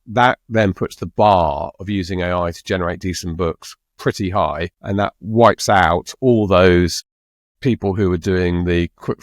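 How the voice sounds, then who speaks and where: Middle-aged male co-host, very low voice, dry sound, halting casual delivery. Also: no echo. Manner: halting, with frequent restarts. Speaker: podcast co-host. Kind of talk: casual chat.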